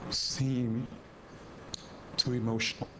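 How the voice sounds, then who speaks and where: A man's voice: medium pitch, level tone, slow pace, heavy background noise. Earnest pleading man giving a speech. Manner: earnest, pleading, repeating "please". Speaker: community advocate speaker. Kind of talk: emotional luncheon speech.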